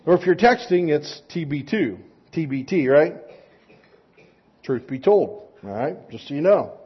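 A male preacher with a slightly high, husky voice talks through his sermon in a relaxed, relatable way, often tossing in quick asides to the congregation. The recording sounds dull and lo-fi. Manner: conversational, relatable, with frequent "right?" asides. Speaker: pastor.

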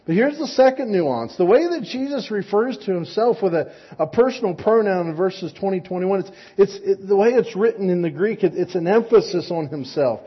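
A male preacher with a slightly high, husky voice talks through his sermon in a relaxed, relatable way, often tossing in quick asides to the congregation. The recording sounds dull and lo-fi. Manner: conversational, relatable, with frequent "right?" asides. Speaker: pastor.

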